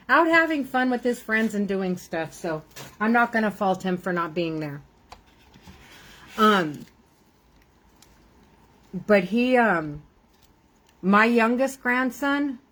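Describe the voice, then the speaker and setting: A woman's voice: medium pitch, a bit bright, a little hiss or hum, rough recording. An older woman, a grandmother, chatting casually and rambling while she crafts on a live stream, laughing often.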